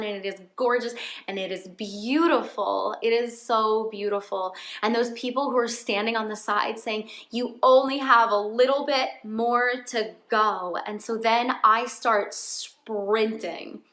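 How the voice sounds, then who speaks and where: A woman's voice: fairly high pitch, pushed and bright, roomy sound. A woman talking in a casual personal vlog from her home, earnest and heartfelt. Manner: earnest, heartfelt, openly emotional. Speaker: faith vlogger.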